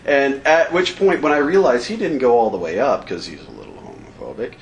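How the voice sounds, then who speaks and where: A man's voice: mid-range voice, fairly quick, gravelly, dull audio, a little hiss or hum. Laughing man telling a wild story. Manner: animated, laughing, acts out shouts and sound effects. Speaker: storyteller on a convention stage. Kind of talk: comic war story to a live audience. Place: convention stage.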